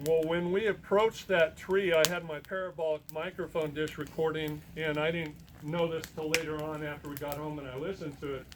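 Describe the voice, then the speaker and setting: Male guest speaker, slightly high voice, animated storyteller, noisy room tone underneath. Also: normal speed, few pauses. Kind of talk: storytelling talk.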